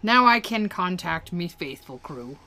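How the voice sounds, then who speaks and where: A woman's voice: fairly low pitch, lively intonation, measured pace, a crowd in the background. A woman voicing a boastful male pirate captain in hearty, old-timey pirate talk. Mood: swaggering.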